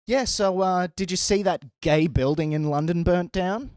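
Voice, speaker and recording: A man's voice: high voice, moderate pace, a little mellow, smooth, no echo, clean studio sound, voice pushed up, natural voice. A man voicing a rude, abrasive woman comic at an open mic, with a blunt, sneering delivery in his own voice.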